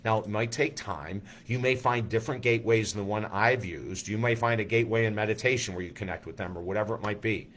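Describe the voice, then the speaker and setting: A man with a fairly low voice speaks as a life coach, telling an earnest personal story in a heartfelt monologue. He pauses and restarts his sentences as he goes. A faint background noise sits under his voice. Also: fairly bright tone. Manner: earnest and emotional, with frequent fillers and restarts.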